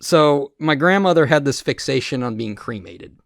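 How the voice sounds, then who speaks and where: A man's voice: medium pitch, expressive, normal speed, vocal fry, dry recording, studio quality. A man hosting a casual podcast who tells rambling, profane stories with many restarts. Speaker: podcast host.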